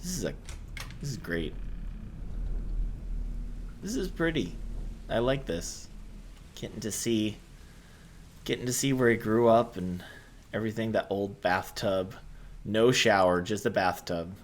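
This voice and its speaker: A man hosting a gaming channel, giving quiet, soft-spoken let's-play commentary and musing aloud as he explores. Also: lowish voice, lively intonation, unhurried, long pauses, slight background noise.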